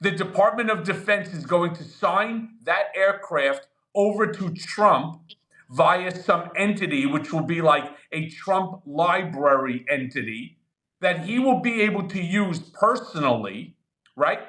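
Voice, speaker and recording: A man in his fifties co-hosting a political chat, blunt and animated, laughing as he talks. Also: high-pitched, measured pace. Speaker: co-host.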